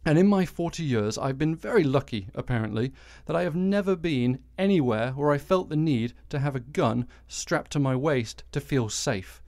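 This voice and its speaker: A man's voice: fairly high pitch, lively intonation, normal speed, hardly any pauses, darkish tone, no echo, clean studio sound. A British man in his forties hosting a solo podcast, ranting with exasperation and frequent swearing. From Britain. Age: 40s. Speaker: podcast host.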